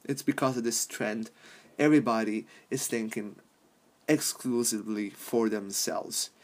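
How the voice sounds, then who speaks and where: A man's voice: fairly low pitch, unhurried. A young adult man hosting a podcast, rambling casually and swearing, laughing often between thoughts. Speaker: podcast host.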